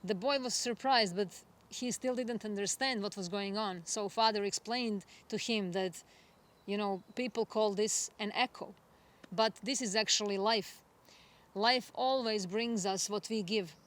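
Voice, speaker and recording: A woman astrologer giving a spiritual forecast monologue, gentle and reflective, unhurried and earnest. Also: medium pitch. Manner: gentle, reflective, soft laughs.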